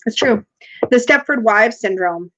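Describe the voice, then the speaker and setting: A woman's voice: a little high, animated, a little slow, a bit bright. A woman hosting a casual tarot livestream, chatty, reading viewer comments aloud and laughing often. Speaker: tarot reader and livestream host. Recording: dull lo-fi livestream audio.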